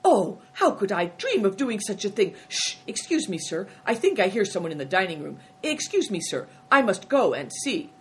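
A woman's voice: mid-range voice, very animated, normal speed, hardly any pauses, a little hiss or hum, close to an everyday voice. A woman reading an audiobook, voicing a fawning, chatty male innkeeper who rambles obsequiously and spouts proverbs. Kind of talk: audiobook character voice.

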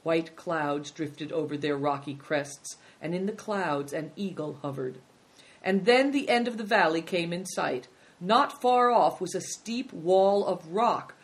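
A narrator reading a children's adventure story in an even, measured way. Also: medium pitch.

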